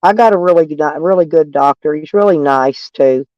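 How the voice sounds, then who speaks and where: A man's voice: fairly high pitch, brisk, darkish tone, clean tone, no room sound, highs cut off. A man with a stuffy nose chatting casually with viewers from his van, rambling and plainspoken. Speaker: van life vlogger. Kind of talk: casual live chat with viewers. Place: in a van, door open.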